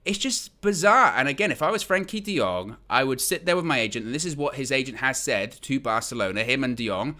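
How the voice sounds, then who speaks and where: Bright-voiced man ranting about football. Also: mid-range voice, very animated, fast. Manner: impassioned ranting, repetitive emphasis. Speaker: football channel presenter. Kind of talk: opinionated football transfer talk.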